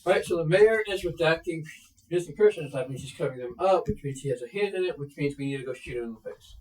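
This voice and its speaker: A fast-talking man at a middle pitch needles his fellow players and pushes blunt plans. His voice rings in a roomy, echoey space. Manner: teasing, blunt, argumentative. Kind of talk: casual tabletop play.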